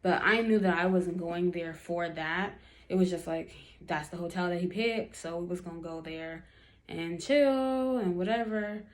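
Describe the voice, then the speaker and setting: A woman's voice: fairly low pitch, a little slow. A young woman chatting to camera, telling a dating story with lots of fillers and acted-out quotes.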